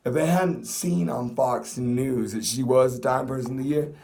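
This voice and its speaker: A man's voice: medium pitch, moderate pace, vocal fry, warm tone. A young man delivering an angry, profane political rant to camera, swearing constantly. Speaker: vlogger. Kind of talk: ranting political monologue.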